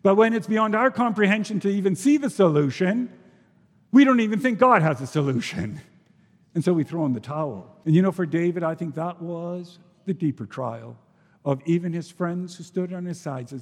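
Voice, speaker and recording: Male preacher, high-pitched, earnest delivery with sudden hushed drops and forceful rises, long hall reverb. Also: animated, moderate pace. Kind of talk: sermon.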